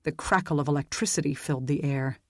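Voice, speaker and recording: An audiobook narrator reading a dark fantasy story in a steady, even storytelling manner. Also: mid-range voice, quick pace, dry recording, clean studio sound. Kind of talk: scripted narration.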